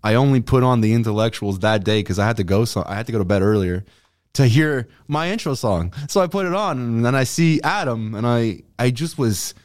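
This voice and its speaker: Guy guest on a podcast, mid pitch, dry close mic, keeps restarting his words. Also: lively intonation, fairly quick, no echo. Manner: stammers, restarts, laughs along. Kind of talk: casual chat.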